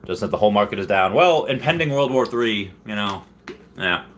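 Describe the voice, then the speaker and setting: Bright-voiced man hosting a chatty livestream. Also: expressive, fairly quick, a little hiss or hum. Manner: rambling and chatty with frequent laughs and restarts; bursts into high, loud put-on voices when quoting. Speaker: livestream host. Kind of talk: casual livestream chat, reading viewer comments.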